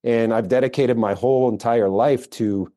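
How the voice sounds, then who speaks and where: An American man, middle-aged, a firearms instructor telling his story in a relaxed interview, rambling with fillers and restarts. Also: mid-range voice, normal speed. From United States. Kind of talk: casual interview talk.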